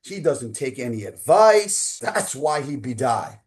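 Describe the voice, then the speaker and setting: A man's voice: medium pitch, sing-song, measured pace. A man voicing an older Korean martial arts grandmaster with a Korean accent, lecturing bluntly in broken English. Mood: stern.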